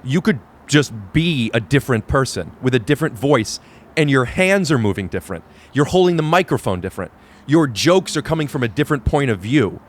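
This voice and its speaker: A man's voice: medium pitch, sing-song, a little fast. A man hosting a podcast, talking earnestly in a rambling way with many restarts, outdoors on a balcony. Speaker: podcast host. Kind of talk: casual chat.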